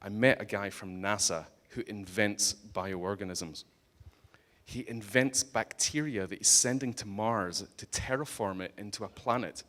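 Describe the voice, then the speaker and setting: A man's voice: fairly low pitch, a little slow, fairly bright tone. Joking Scottish man on a conference stage. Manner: joking, audience-teasing, blunt. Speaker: conference speaker. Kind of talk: humorous conference talk.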